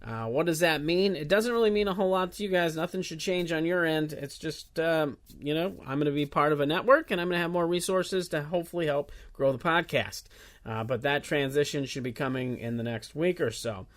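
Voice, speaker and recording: A man hosting a comedy podcast, running through announcements in a loose, rambling way. His voice sits a little above the usual male pitch, and he fills the gaps with plenty of uhs. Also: brisk, fairly bright tone. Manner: casual, rambling, many filler uhs. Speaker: podcast host. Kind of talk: solo podcast intro announcements.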